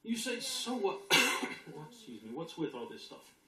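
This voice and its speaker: A spiritual teacher giving an emphatic, animated motivational talk to an audience, sometimes acting out inner voices with sudden shouts. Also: mid-range voice, moderate pace. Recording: roomy echo with faint ambience.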